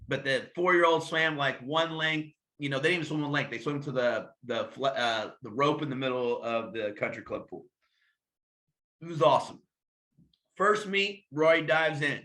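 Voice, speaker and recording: A man with a bright, forceful voice, chatting as a swim coach in an interview. He tells loose, animated stories and slips into bits of dialogue as he goes. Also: medium pitch, moderate pace. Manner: lively anecdotes, acts out dialogue. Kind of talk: casual interview storytelling.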